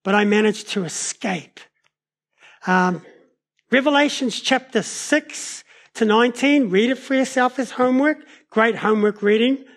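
A man preaches a sermon in a notably high voice. He tells stories in an animated way, shifting his pace and loudness as he goes. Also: measured pace. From New Zealand. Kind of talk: sermon with personal storytelling.

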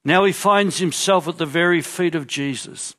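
A man preaching a sermon, telling a story vividly and dropping into quiet asides as he acts out the crowd. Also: a little high, normal speed. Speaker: pastor.

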